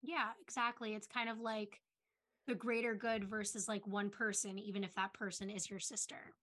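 A woman's voice: medium pitch, level tone, moderate pace, a bit bright. A woman co-hosting a podcast, agreeing easily and chatting about a TV episode with casual "like" fillers. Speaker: podcast co-host. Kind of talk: casual TV rewatch discussion.

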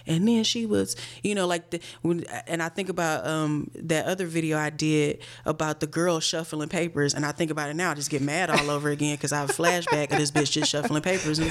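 A woman's voice: deep voice, fairly quick. A young woman in casual conversation, venting bluntly with plenty of profanity. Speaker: guest, video creator. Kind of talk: casual chat.

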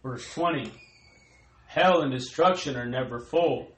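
A man reading Bible verses aloud in a slow, measured way during a sermon. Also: medium pitch, roomy sound, poor audio. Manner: slow, measured recitation of old-style verse. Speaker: scripture reader.

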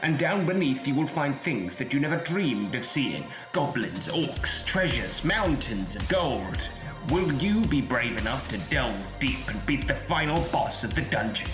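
A man narrating a mock fantasy game advert in a slow, dramatic announcer style. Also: mid-range voice, expressive, lightly acted. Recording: echoey with music bed.

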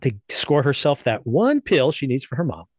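Recapping and reviewing TV episodes for a podcast, this male co-host keeps things casual and chatty, with frequent laughs and fillers. His medium-pitched, darkish voice swings widely in pitch at a moderate pace, and there's no echo.

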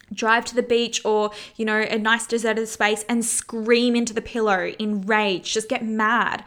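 A woman's voice: fairly high pitch, a bit bright. A woman hosting a self-help podcast, talking earnestly in a casual coaching tone and swearing freely. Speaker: podcast host.

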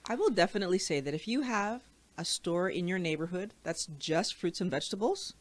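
A woman talking casually as co-host, chatty and quick to laugh at herself. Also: on the low side, expressive. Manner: chatty, laughs easily, self-correcting. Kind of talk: casual chat.

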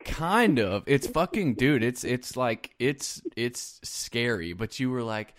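Male podcast host, animated casual storyteller, mid pitch, dry close sound. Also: slow pace, hardly any pauses, dry recording. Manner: animated storyteller, laughs between phrases. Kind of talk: casual chat.

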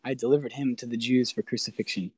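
A man's voice: mid-range voice, steady tone, quick pace, a little mellow, husky, no echo, studio quality, pitched below the performer's own voice, natural voice. A man reading as a stern Roman governor. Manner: formal, declamatory reading.

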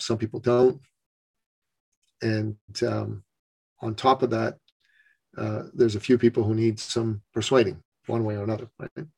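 Here a man's medium-pitched, gravelly voice comes through poor audio. He's a business coach appearing on a podcast, animatedly telling an interview story about himself.

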